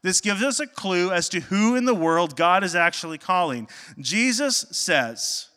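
A high, bright male voice belongs to a pastor telling self-deprecating stories from the pulpit. He preaches with animated, joking energy, and his words ring out with a long hall reverb, as in a church sanctuary. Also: measured pace, hardly any pauses. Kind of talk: sermon.

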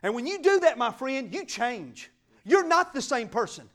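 A middle-aged man preaching a sermon, fervent and emphatic, swinging between loud declarations and quiet asides. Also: extremely high pitch, very animated, moderate pace. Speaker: pastor.

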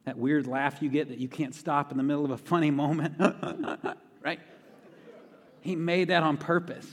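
A pastor preaches a sermon conversationally, repeating key phrases for emphasis, with the long reverb of a large hall around him. His pitch is fairly high, his intonation fairly even, and his speed normal.

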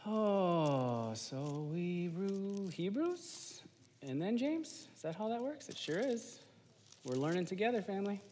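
A man in his thirties, a lay preacher giving an informal, animated sermon to a congregation. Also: high voice, unhurried, slight background noise. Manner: casual, animated, slangy, talks to the congregation. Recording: long hall reverb.

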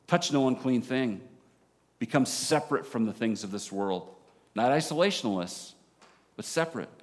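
A man with a Southern American accent preaching a sermon as a pastor, animated, dropping low and quiet for emphasis. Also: normal speed. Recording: long hall reverb.

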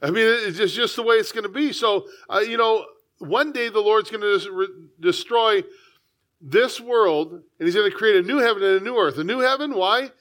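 An American pastor preaches a sermon in a high-sitting, fairly bright voice at a moderate pace. He reads scripture and talks conversationally, frequently stepping off into asides.

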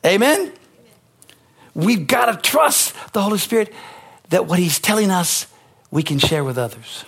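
A pastor preaching a sermon, emphatic, rising to near-shouted peaks on key lines. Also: male voice, high voice, lively intonation, a little slow, creaky, breathy edge.

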